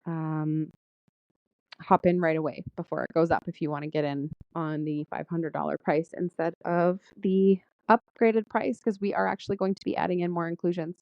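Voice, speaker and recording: A low-pitched woman hosting a podcast, speaking in an earnest, list-like rhythm as she works through one heartfelt line after another. The sound is dull and lo-fi, with a dry, close, roomless quality. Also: steady tone, moderate pace, gravelly, dry recording. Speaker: podcast host. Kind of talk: spoken gratitude journal, podcast monologue.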